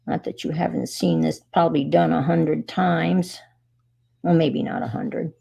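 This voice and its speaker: Middle-aged woman rambling thru her craft project at home, slow drawl, gravelly voice. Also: sits low, fairly even intonation, warm tone. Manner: rambling, self-deprecating, chatty with trailing asides. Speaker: crafting livestream host. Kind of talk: casual craft demonstration chat.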